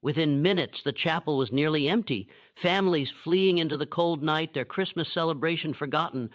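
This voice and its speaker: Male narrator, solemn and measured storytelling, fairly high voice, dull dry recording. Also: a bit bright, dry recording. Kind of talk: scripted historical narration.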